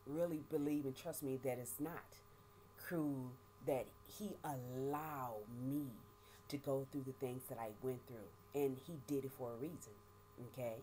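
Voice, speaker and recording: A middle-aged woman giving a halting, emotional personal testimony, often repeating words and speaking of her faith. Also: rumbling low, steady tone, mellow, a little hiss or hum. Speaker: vlogger sharing life after prison.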